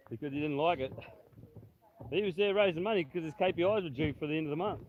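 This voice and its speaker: A man's voice: a little high, quick pace. An Australian man hosting a casual chat, telling blunt, sweary stories. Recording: tinny phone-like audio with faint noise.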